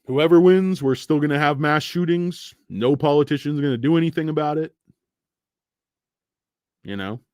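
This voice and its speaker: A man's voice: on the high side, normal speed, pauses often, a little mellow, no room sound, clean studio sound. A man hosting a stock market show, talking casually with blunt, profane opinions and rambling asides full of fillers. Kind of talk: casual livestream rant.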